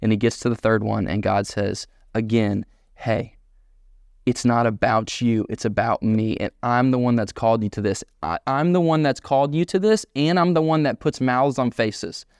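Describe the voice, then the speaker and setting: A man preaching a sermon as pastor, animated and emphatic, voicing quoted dialogue in bursts. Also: lowish voice, moderate pace, creaky, dry recording, clean studio sound.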